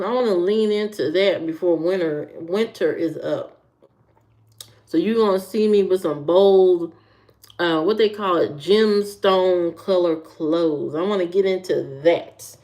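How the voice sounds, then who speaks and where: A woman's voice: medium pitch, a little mellow. A woman from the American Midwest hosting a livestream, chatting casually with viewers, repeating herself and answering comments. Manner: chatty, repeats herself, talks to chat by name. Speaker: livestream host.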